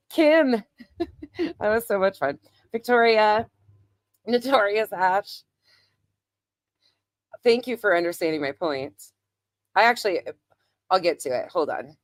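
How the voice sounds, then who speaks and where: A woman's voice: fairly low pitch, a little slow, pauses often, dry recording, studio quality. A woman hosting a casual livestream, rattling off viewer names and chatting back to her chat with frequent swearing. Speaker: livestream host. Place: home, with planes passing overhead.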